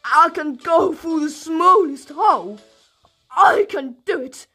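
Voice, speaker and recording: A British woman giving rambling, excitable let's-play commentary as a gaming YouTuber, talking to her viewers. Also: very high-pitched, slow pace, faint music behind.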